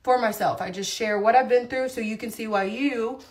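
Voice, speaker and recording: A woman's voice: on the high side, normal speed. A woman chatting casually on a livestream, rambling through a story with lots of asides while doing her makeup. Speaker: livestream host, mom.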